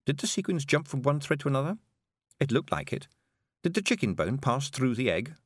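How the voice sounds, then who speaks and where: Low-voiced guy reading a storybook, super animated, dry close mic. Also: fairly quick, dry recording. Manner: expressive, lively reading. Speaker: audiobook narrator. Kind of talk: scripted storybook narration.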